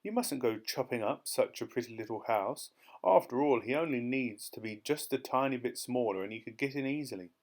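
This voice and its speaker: Man doing a shy lovestruck old guy from a storybook, gentle and coaxing, kinda mild. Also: medium pitch, brisk, close to an everyday voice.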